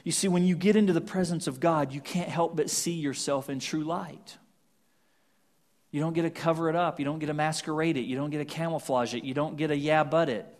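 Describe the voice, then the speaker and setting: A man preaching a sermon, swinging from loud emphatic scripture reading to hushed, almost whispered lines. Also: a little high, fairly even intonation, brisk. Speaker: pastor.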